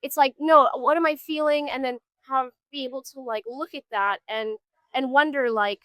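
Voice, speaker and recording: A woman's voice: sits high, fairly even intonation, normal speed, fairly bright tone, clear, resonant tone, dry recording. A woman musician being interviewed, speaking earnestly and thoughtfully, often trailing off and restarting her sentences. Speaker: musician guest. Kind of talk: street interview. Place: outdoors on a street.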